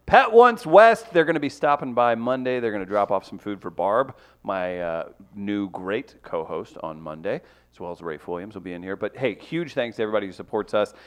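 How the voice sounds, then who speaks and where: A man's voice: fairly low pitch, fairly quick, clear, resonant tone. A man hosting a radio show, laughing often and plugging sponsors in casual banter. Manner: lively, laughing, plugs sponsors. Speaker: host.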